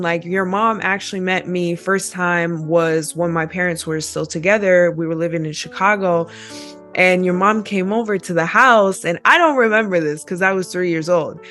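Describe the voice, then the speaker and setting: A woman's voice: fairly low pitch, a bit bright. A young woman, a podcast guest, reflectively telling her life story in casual chat.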